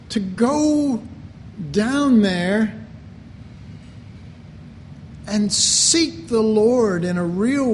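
A man preaching a sermon, slow and deliberate, with animated asides. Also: sits high, a little hiss or hum. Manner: slow, deliberate delivery with animated mock voices and laughter.

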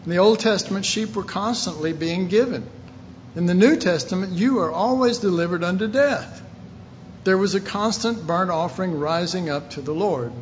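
A man preaching a sermon, reading scripture aloud and pressing his points with emphatic, sometimes shouted questions. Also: high voice, moderate pace, lo-fi sound, slight background noise. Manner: reads scripture aloud in King James wording.

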